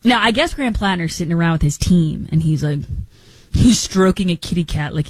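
A woman's voice: fairly low pitch, big pitch swings, normal speed, slightly rough, no echo, poor audio. A woman hosting a political talk show, giving opinionated commentary with incredulous rhetorical questions.

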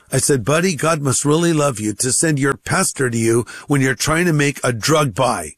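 A man who is a pastor, telling a lively first-person anecdote and acting out both sides of the dialogue. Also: a little high, moderate pace, slightly rough, no echo, clean studio sound. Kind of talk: anecdote told on radio.

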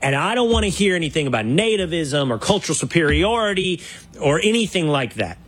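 A male podcast host in a conversational political interview, animated and acting out quoted voices. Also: fairly quick, husky. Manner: animated, acts out quotes with big pitch jumps.

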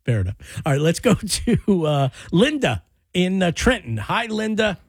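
A man's voice: high-pitched, very animated, normal speed, breathy edge, no echo, studio quality. A man hosting a radio show, joking and teasing his co-host and callers. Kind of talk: casual radio banter.

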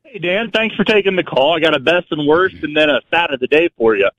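Upbeat higher-voiced male caller. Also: lively intonation, quick pace, a bit bright, poor audio. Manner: upbeat, eager. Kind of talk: phone-in call.

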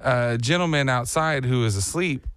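A man co-hosting a morning show, chatting casually and acting out a story with lively voices and sounds. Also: medium pitch, normal speed, no echo, studio quality. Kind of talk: casual chat.

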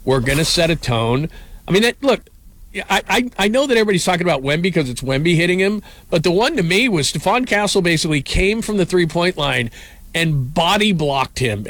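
A man's voice: high-pitched, no echo. A man, once a reporter at basketball finals, talking the game over in a casual sports chat and often repeating his first words. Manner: animated, repeats words as he starts sentences. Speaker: sports commentator.

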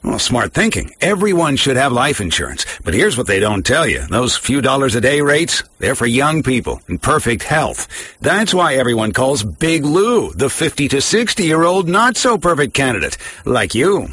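A man's voice: medium pitch, very animated, normal speed, a bit bright, slight background noise. A man reading a radio ad as an announcer, in a chatty, jokey salesman manner. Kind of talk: radio ad read.

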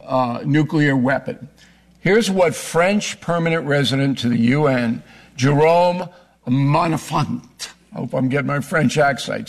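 A man making a forceful, argumentative case in a heated political debate, often cutting in. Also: fairly high pitch. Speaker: political commentator.

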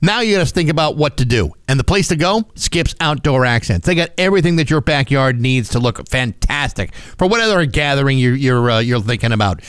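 A man's voice: on the high side, no room sound. A man co-hosting a morning radio show, chatting casually and reading ads in a loose conversational way. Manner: relaxed, conversational, some restarts. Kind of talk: casual radio banter and live read ads. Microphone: studio microphone.

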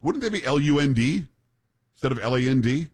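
A man's voice: mid-range voice, animated, a little fast, a little mellow, breathy edge. A man hosting a podcast, chatting casually, joking and stumbling over hard names as he reads news stories. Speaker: podcast host. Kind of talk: casual talk show banter and news reading.

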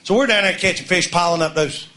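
A middle-aged man from Mississippi, telling a folksy comic story on stage and shouting his punchlines. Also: high voice, fast talker. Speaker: comedian. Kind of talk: storytelling stand-up.

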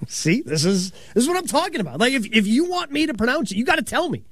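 A man hosting a sports radio show, chatting casually with quick asides and frequent laughter. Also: very high voice, big pitch swings, a little hiss or hum.

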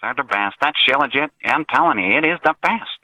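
A man calling in to a talk show, speaking in an exaggerated put-on voice with slow, drawn-out, taunting delivery. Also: mid-range voice, expressive, pushed and bright, no echo, poor audio. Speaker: caller. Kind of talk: phone-in call to a talk show.

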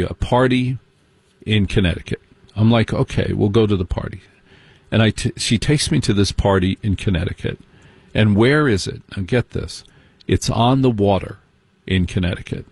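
A man telling a personal story as stand-up comedy, wry and mocking, slipping into quick impressions of other people. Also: lowish voice, dry recording.

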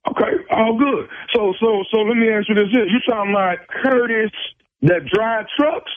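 A man making a prank phone call, talking in a slow drawl with stammering restarts. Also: high-pitched, no room sound. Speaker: radio prank caller. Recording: tinny phone line.

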